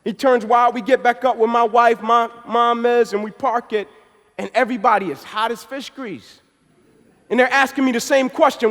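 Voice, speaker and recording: A man in his thirties from the United States giving a passionate, energetic motivational speech, full of storytelling. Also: extremely high pitch, moderate pace. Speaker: motivational speaker. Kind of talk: inspirational speech. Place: large banquet hall. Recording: echoey hall.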